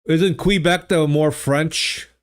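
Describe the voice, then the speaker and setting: Guy streaming from his home studio, slow easygoing talk, kinda halting, thinking out loud. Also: fairly high pitch, fairly even intonation, clear, resonant tone. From United States. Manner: musing aloud, halting and easygoing. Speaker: livestream host. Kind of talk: casual livestream chat while playing a geography game. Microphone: studio desk microphone.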